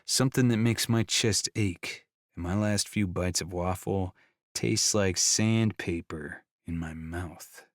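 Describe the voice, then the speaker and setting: Male audiobook narrator, low voice, easygoing first-person romance read, dry booth sound. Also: slow pace, dry recording.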